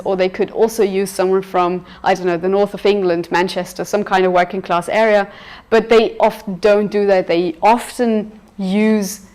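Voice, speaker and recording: A woman leads a university seminar over a video call, explaining at an easy conversational pace. She fills pauses with ums and often restarts her sentences. Her voice sits at a middling pitch. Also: darkish tone. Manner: conversational, many fillers and self-corrections. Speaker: university lecturer. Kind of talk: seminar lecture with discussion.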